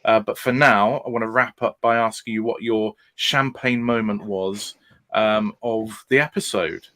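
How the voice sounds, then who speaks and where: A man hosting a casual quiz aftershow, relaxed and full of fillers. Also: on the low side, unhurried. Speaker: podcast host.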